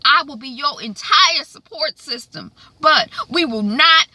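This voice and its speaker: A woman's voice: sits high, expressive, measured pace, sharp tone, no echo, voice pushed up, exaggerated voice. A woman voicing a hurt, frustrated young husband, speaking emphatically with a raised voice.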